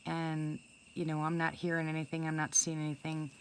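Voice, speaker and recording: A woman's voice: sits low, completely flat delivery, a little fast, a little hiss or hum. An older woman casually telling a first-person story to her viewers, chatty and rambling, with many restarts and fillers. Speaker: storyteller greeting live viewers.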